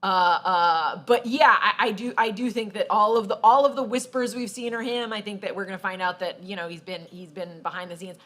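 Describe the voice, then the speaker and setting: A woman co-hosting a podcast, talking in a lively, emphatic way and agreeing often. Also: mid-range voice, a little fast, few pauses. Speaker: podcast co-host. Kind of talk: casual chat.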